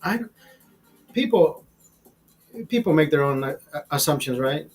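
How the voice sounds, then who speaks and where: A man's voice: a little high, lively intonation, unhurried, breathy edge, soft background music, poor audio. A man hosting a livestream, chatting to his viewers in a profane, rambling, easygoing way. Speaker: livestream host. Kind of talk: casual chat to viewers.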